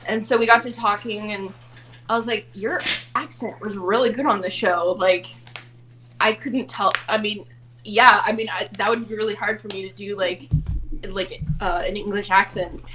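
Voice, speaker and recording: A woman's voice: medium pitch, steady tone, moderate pace, noisy background. A woman from Australia telling a rambling story in a casual group chat, laughing often.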